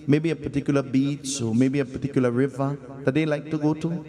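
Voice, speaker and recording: A man's voice: medium pitch, steady tone, brisk, warm tone. A Trinidadian-accented man, a pundit, giving a devotional sermon, telling a story and asking his audience questions in a conversational way. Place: large hall at a festival celebration. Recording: long hall reverb.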